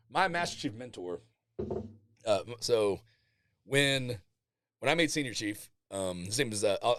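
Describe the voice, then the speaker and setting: Candid, profane Navy master chief. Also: male voice, lowish voice, a bit bright, dry recording, clean studio sound. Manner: candid storytelling, swears freely, laughs often. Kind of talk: casual podcast chat.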